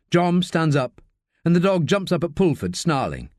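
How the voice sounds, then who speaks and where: A man narrating a crime audiobook in an expressive, measured way. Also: a little high, dry recording, clean studio sound.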